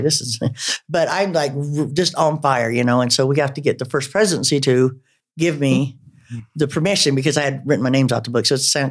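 A man with a medium-pitched voice tells his life story as personal storytelling, casual and rambling. He halts often with fillers and turns self-mocking.

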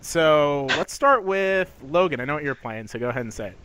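A man's voice: fairly high pitch, animated, moderate pace, a bit bright, smooth, no echo. A man hosting a casual gaming podcast, laid-back and loose, swearing now and then. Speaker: podcast host.

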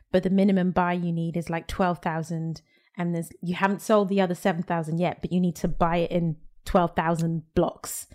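A woman's voice: lowish voice, a little mellow. A woman speaking as a podcast guest in a candid, casual interview, with frequent fillers.

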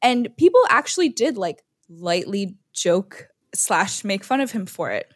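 A woman's voice: mid-range voice, very animated, measured pace, no echo, clean studio sound. A young woman guesting on a podcast, chatty and casual, saying "like" often.

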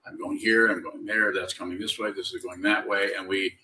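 A man giving a slow, halting, reflective dharma talk as a Zen teacher, in a slightly whiny tone. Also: low-pitched, level tone, pushed and bright, a little hiss or hum. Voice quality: self-described whiny tone. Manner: slow, halting, reflective delivery with many restarts. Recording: distant mic.

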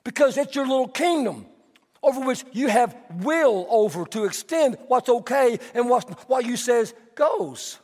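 High-voiced preacher in a big hall. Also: male voice, measured pace. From Texas. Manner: animated storytelling, conversational preaching. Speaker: pastor. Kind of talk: sermon. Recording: long hall reverb.

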